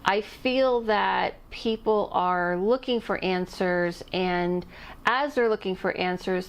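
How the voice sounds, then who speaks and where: A middle-aged woman who works as an intuitive medium, chatting casually to camera on her vlog and rambling off topic with little laughs. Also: on the low side. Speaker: intuitive medium and channel host.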